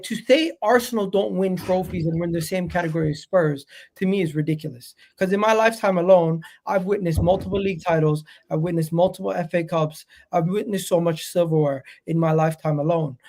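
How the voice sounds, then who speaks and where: A man hosting a casual football podcast, blunt and animated, calling his co-host bro. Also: fairly high pitch, a little fast.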